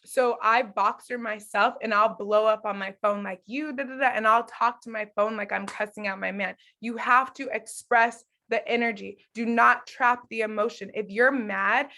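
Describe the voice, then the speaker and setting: A woman's voice: fairly high pitch, fairly even intonation, normal speed, hardly any pauses, bright, forceful tone. A woman in her thirties giving an earnest, conversational faith and marriage talk to her followers, often acting out quoted lines. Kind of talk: casual teaching talk to followers.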